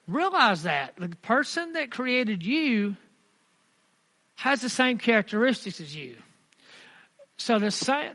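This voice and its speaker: A man with a high voice delivers an earnest sermon, reading scripture aloud and circling back to repeat his key phrases. His voice rings with the long reverb of a church hall. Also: sharp tone. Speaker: preacher.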